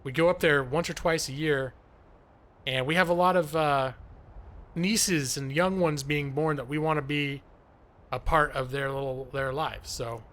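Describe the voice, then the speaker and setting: Unhurried and fairly bright, his voice sits fairly high as he streams a video game live. This gaming streamer keeps up casual, chatty commentary, cracking self-deprecating jokes.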